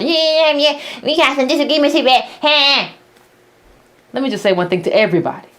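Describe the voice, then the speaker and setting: A woman hosting a political commentary monologue who speaks bluntly and sarcastically. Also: on the low side. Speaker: host of a political commentary channel.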